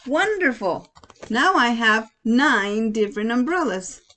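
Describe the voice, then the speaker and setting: A woman voicing a cheerful elderly grandmother in a picture book read aloud, in a bright and pleased tone. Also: medium pitch, lively intonation, unhurried, close to an everyday voice. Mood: delighted.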